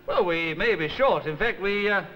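Officious sergeant, swooping high pitch, indignant, 1960s TV comedy. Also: male voice, lively intonation, moderate pace, pushed and bright, slight background noise, low-quality recording. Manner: stiff and officious, rising to indignant outbursts. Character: pompous, exasperated male police sergeant.

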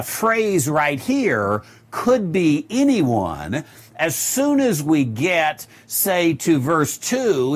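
Slow, lively-pitched male Bible teacher. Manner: unhurried, with many filler pauses; reads scripture aloud and explains it.

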